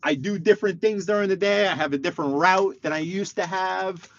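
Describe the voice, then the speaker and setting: A man chatting casually on a live stream while he drives, excitable and reading viewer comments aloud. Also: high-pitched, a little fast. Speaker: livestreaming driver. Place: inside a car while driving. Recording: muffled lo-fi stream audio with faint road noise.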